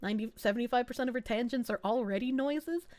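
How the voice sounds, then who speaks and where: A young adult woman VTuber streamer giving crude, excitable reaction commentary and laughing often. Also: a little high, quick pace.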